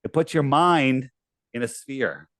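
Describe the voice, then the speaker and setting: A man's voice: mid-range voice, expressive, slow pace, a bit bright, dry recording. A man being interviewed, talking casually and telling a long, rambling story with quoted asides. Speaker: podcast guest.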